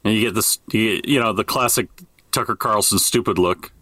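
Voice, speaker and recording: A man co-hosting a casual comedy podcast, dryly sarcastic and quick to agree. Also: on the low side, no echo. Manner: dry, deadpan sarcasm, agreeable. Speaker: podcast co-host.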